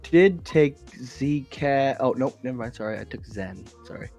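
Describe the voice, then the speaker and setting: A man co-hosting a stream, trading quick teasing banter in casual chat. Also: mid-range voice, expressive, creaky, darkish tone, soft background music. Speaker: co-host.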